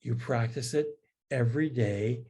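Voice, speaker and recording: A man voicing a calm, gentle bishop who answers in a soothing, patient way. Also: medium pitch, measured pace, husky.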